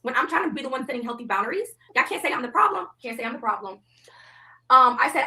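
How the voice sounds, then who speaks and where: A woman's voice: high voice, very animated, fast talker, pushed and bright. A woman venting on a stream, defensive and indignant, reading messages aloud.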